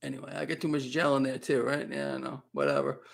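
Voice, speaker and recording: A man's voice: mid-range voice, flat delivery, fast, creaky. A man hosting a casual live stream, chatting in a rambling way and reading viewer comments aloud.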